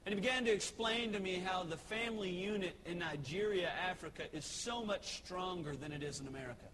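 A Texan man with a notably high voice preaches an evening sermon from the pulpit. He talks in a loose, storytelling way with frequent fillers. A clear hiss of noise sits under the recording. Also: a little fast, fairly bright tone, low-quality recording. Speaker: pastor. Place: church sanctuary.

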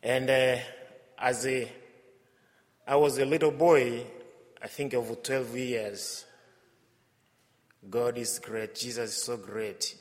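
A man's voice: medium pitch, steady tone, takes it slowly, pauses often. A man with a Tanzanian accent, a visiting missionary priest giving a homily with an anecdotal, hesitant delivery. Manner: warm storytelling with frequent hesitations and laughs. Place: church. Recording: long church reverb.

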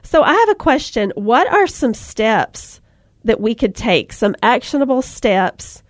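A woman's voice: a little high, sing-song, a little slow, dry recording. Dry-sounding woman podcast host. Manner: warm, emotional, preaching encouragement. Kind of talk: faith-based podcast chat.

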